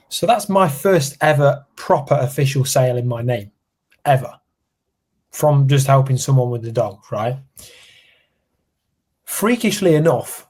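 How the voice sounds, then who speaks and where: A young man from England tells a story on a casual podcast. He slips into other people's voices to act out what they said. His pitch sits in the middle range for a man. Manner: animated storyteller, acts out quotes. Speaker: podcast co-host.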